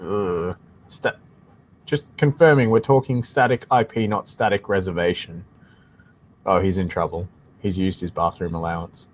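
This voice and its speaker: A man's voice: deep voice, moderate pace. A man with an Australian accent co-hosting a live tech Q&A stream, explaining things casually and often saying "like I said". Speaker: tech support co-host.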